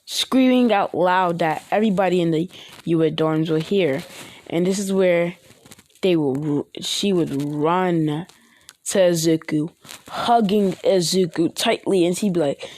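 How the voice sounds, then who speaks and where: A woman improvising a fan-fiction story out loud, rambling and chaining "and this is where" with restarts and fillers. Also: on the low side, measured pace. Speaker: online video creator.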